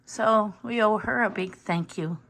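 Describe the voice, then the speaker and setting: A woman's voice: mid-range voice, measured pace, a bit bright. A middle-aged woman from Canada, a vlogger chatting casually at home as she unpacks groceries and thinks aloud. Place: home kitchen.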